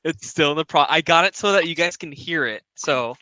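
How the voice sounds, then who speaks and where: A flustered man chatting as a player in a tabletop game on a voice call. His voice is bright, sharp and very clear, sitting a little high, recorded dry and close. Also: a little fast, no echo, rough recording. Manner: flustered, laughing, self-defensive. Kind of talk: casual tabletop game chat over a call.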